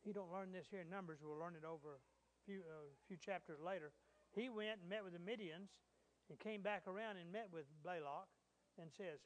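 A man's voice: high voice, normal speed, low-quality recording. A man preaching a sermon, retelling a scripture story in a conversational way with frequent fillers and restarts.

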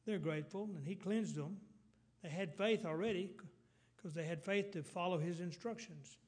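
A middle-aged man, preaching a folksy sermon with halting restarts. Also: high voice, darkish tone.

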